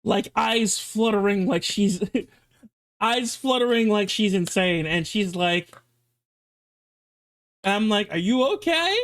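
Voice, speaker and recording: A man streaming live, reacting to a video and telling animated stories in casual chat. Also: high-pitched, clean tone. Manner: animated storytelling, swings between fast and drawn-out.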